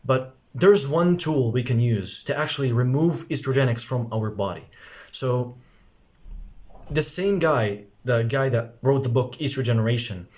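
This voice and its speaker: A man's voice: mid-range voice, a little mellow. A young man talking casually to camera as a self-improvement coach, rambling with constant filler words and frequent swearing. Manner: rambling, heavy filler words, swears freely, says "bro".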